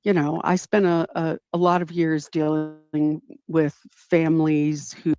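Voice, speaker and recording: A guest on a gossip livestream speaking in a thoughtful, halting, measured way. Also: medium pitch, flat delivery, dark tone, smooth, dull audio. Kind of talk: casual chat.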